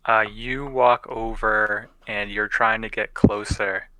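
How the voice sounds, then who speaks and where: A man's voice: fairly low pitch, level tone, takes it slowly, pushed and bright, smooth, no room sound, low-quality recording. A young man casually narrating as game master of a tabletop game, loose and profane, often laughing.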